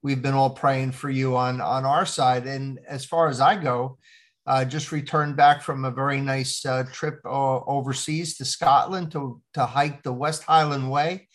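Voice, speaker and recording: A man's voice: medium pitch, flat delivery, unhurried. A man in his fifties hosting a podcast, talking casually with plenty of ums and uhs. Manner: warm conversational, frequent um and uh fillers. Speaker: podcast host.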